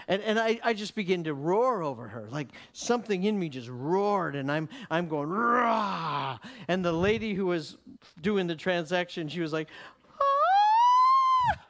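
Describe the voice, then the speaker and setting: High-voiced man telling a sermon story. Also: moderate pace, a little hiss or hum. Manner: animated, laughs often, repeats words and restarts. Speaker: preacher teaching.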